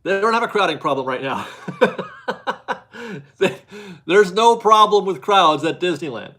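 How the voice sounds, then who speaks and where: Chatty man with a higher voice. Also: animated, a little slow, bright, forceful tone. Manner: rambling, chatty, laughs often, restarts sentences. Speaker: livestream host reading viewer chat. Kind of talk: casual live-stream chat.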